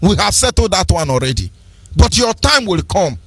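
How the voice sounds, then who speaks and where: A man's voice: high-pitched, very animated, normal speed, breathy edge, dry recording. A man with a Nigerian accent hosting a fiery political radio commentary, ranting in an impassioned, preachy sing-song. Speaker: radio host.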